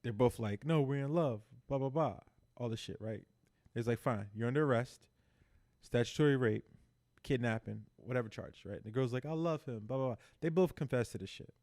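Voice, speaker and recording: A man co-hosting a podcast, excitedly retelling a TV episode in casual chat, acting out the characters and swearing freely. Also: mid-range voice, brisk. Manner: animated storyteller acting out characters, heavy swearing. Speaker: podcast co-host.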